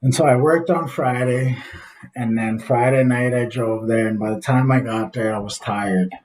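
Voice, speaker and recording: An earnest man in his office tells a personal story about his son and his recovery. He talks reflectively at an ordinary pitch and pauses as he goes. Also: darkish tone, poor audio.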